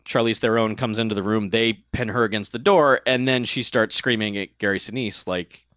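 A man's voice: lowish voice, brisk, few pauses, fairly bright tone, dry recording, clean studio sound. A man co-hosting a casual podcast, retelling a movie plot with laughs and acted-out quotes. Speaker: podcast co-host. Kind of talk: casual movie recap chat.

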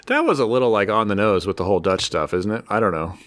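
A man's voice: lowish voice, expressive, fast talker, fairly bright tone, no echo. A man co-hosting a podcast, chatting casually in easygoing, agreeable banter. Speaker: podcast co-host. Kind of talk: casual chat.

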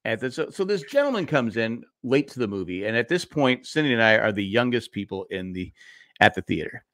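A man's voice: mid-range voice, sing-song, fairly quick, a bit bright, no echo. A man in his sixties spins a story for his podcast co-hosts, and his voice swings up and down as he goes. He acts out the other people's lines as he tells it. The sound is dry and close to the mic. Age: 60s. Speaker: podcast co-host. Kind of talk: casual storytelling chat.

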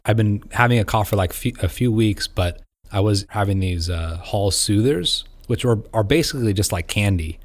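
A man co-hosting a podcast in casual chat, talking with a cough drop in his mouth while fighting a cough, chatty, quick with asides and laughs. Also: on the low side. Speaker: podcast co-host.

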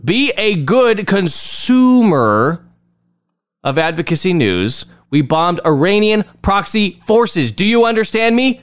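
A man's voice: high-pitched, big pitch swings, slow, smooth. A man hosting a political commentary show, talking in a sarcastic, mocking way and repeating phrases to ridicule them. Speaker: host.

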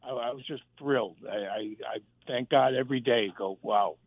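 A man, a former sitcom writer and warm-up comic, telling lively anecdotes in a casual interview and acting out the voices he quotes. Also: mid-range voice, moderate pace, dry recording. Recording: dry phone line.

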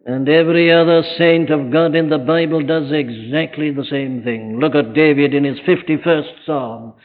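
An impassioned man preaches a sermon, driving his point home with one rhetorical question after another. His voice sits fairly high and carries through a chapel with a long, ringing reverb. The old archive recording is thin and narrow, almost like a phone line. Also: normal speed.

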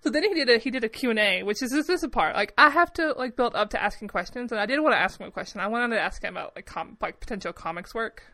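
Bright, higher-voiced woman chatting casually. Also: fast, hardly any pauses. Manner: rambling, animated storytelling with frequent swearing. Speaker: podcast co-host. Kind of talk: casual chat.

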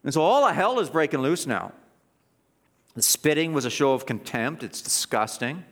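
A man preaching an expository sermon, animated and mocking, with frequent restarts and sarcastic asides. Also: on the high side, moderate pace, in a large hall.

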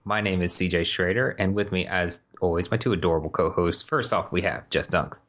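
A man hosting a podcast in casual chat, relaxed with teasing banter. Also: deep voice, a little fast. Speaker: podcast host.

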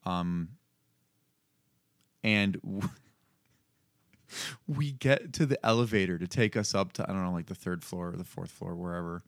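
This man. He tells a story in relaxed podcast chat, chuckling along the way, and the recording is dry and close. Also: low-pitched, measured pace, creaky, pauses often, no echo. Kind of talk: casual chat.

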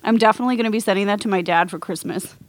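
A woman's voice: medium pitch, rapid-fire, no room sound. A woman chatting casually on a podcast in an upbeat way.

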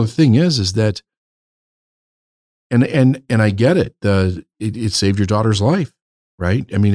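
A man hosting a casual podcast as a coach, reflective and measured in his speech, known for long pauses. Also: on the low side, a little mellow, no room sound, studio quality. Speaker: business coach and podcast host.

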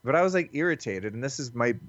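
A man's voice: medium pitch, expressive, fast, fairly bright tone, dry recording. A man talking as a podcast guest in an earnest, reflective way, casual and loose with swearing, over a call. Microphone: call recording. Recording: dull, lo-fi call audio.

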